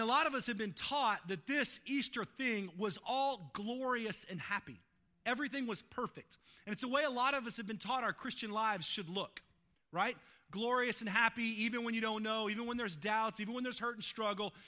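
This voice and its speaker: Male pastor, high-pitched, conversational sermon delivery, keeps asking the room "right?". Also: moderate pace, bright, forceful tone. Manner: informal, asks "right?" to the listeners.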